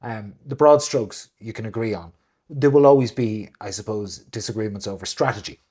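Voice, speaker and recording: A man co-hosting a casual chat, talking animatedly and jumping into big high voices when he quotes people. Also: normal speed, dark tone, slightly rough. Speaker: co-host.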